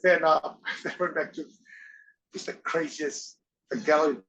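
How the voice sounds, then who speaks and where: A man's voice: fairly high pitch, fairly even intonation, slow, a crowd in the background, low-quality recording. A middle-aged man from Australia, an interview guest telling rambling anecdotes, laughing and acting out other people's lines.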